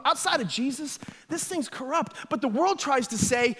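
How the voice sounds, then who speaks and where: A man preaching a sermon to a church congregation, animated, telling stories and acting out quotes. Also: very high-pitched, normal speed, few pauses, long reverb tail. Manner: energetic, animated storytelling with acted quotes. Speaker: pastor. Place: church sanctuary.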